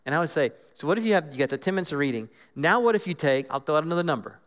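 A man giving an earnest, animated teaching talk about Bible reading, acting out inner voices as he goes. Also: on the high side, rapid-fire. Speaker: guest speaker on Scripture. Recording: long hall reverb.

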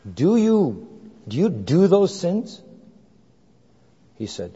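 A man preaches in a storytelling sermon, voicing the people in his anecdote with lively emphasis. His voice is mellow and a little husky. The recording is dull and lo-fi, carried by the long reverb of a big hall. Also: fairly high pitch, slow pace, pauses often. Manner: animated storyteller acting out dialogue.

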